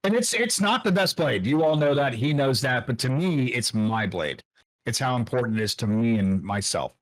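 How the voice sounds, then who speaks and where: A man's voice: mid-range voice, animated, moderate pace. A man playing a tabletop game, chatting casually and animatedly, rambling and profane. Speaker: tabletop player. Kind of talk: casual in-character chat.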